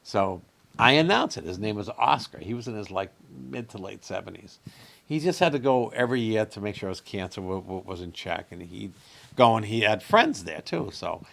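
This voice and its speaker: Man, middle-aged, gravelly low voice, animated storyteller. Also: moderate pace. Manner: animated joke telling with voice changes. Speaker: comedian guest. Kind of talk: casual interview storytelling.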